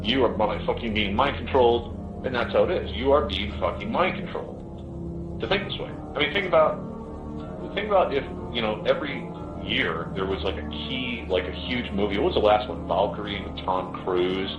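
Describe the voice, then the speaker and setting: A man with a fairly low voice rants in a heated, profane monologue, rambling and restarting his sentences. The recording is dull and lo-fi, with a roomy echo and music playing clearly behind him. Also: expressive, moderate pace. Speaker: commentator. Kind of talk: ranting monologue.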